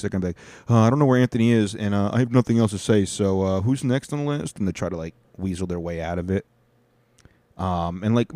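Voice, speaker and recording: A young man with a low, mellow voice gives a loose, swaggering rundown of his week, packed with profanity and side tangents. The sound is dry and close, with no room or echo around it.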